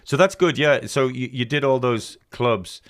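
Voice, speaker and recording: A man's voice: mid-range voice, unhurried. A man with a Dublin accent hosting a casual chat, rambling and self-mocking with plenty of swearing. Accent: Dublin Irish. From Dublin, Ireland. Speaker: podcast host.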